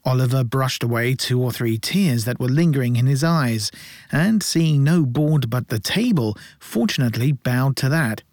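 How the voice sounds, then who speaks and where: A man reads a classic novel aloud at a measured pace with a gently ironic touch. His voice sits at an ordinary middle pitch, and the recording is dry and close with no room sound. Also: animated, dry recording. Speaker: audiobook narrator. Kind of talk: scripted narration.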